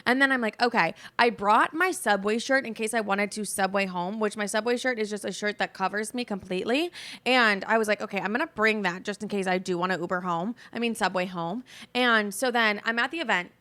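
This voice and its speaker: A young woman in her twenties rants through a story on her podcast, swearing freely and acting out her own lines with a lot of "like". Her voice is bright and forward, with a middling pitch. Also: fairly quick. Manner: dramatic, profane, quoting herself constantly with many "like"s. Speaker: podcast host. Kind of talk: casual storytelling rant.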